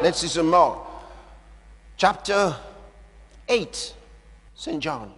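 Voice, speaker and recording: A man preaching a sermon, swinging from quiet murmurs up to shouts. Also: sits high, sing-song, extremely slow, pauses often, slight background noise. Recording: long hall reverb.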